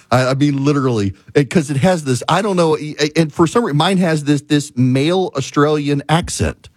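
A man's voice: mid-range voice, brisk, dry recording. A male host in a casual monologue, his voice swinging up and down as he rants in exasperation. The sound is dry and close, with no room around it. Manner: exasperated ranting, lively storytelling with laughs. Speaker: talk show host.

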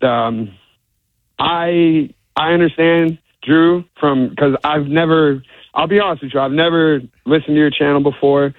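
A hoarse man calling in to a sports radio show, rambling with many fillers and restarts. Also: on the high side, dry recording. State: hoarse, lost voice. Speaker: radio caller. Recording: tinny phone line.

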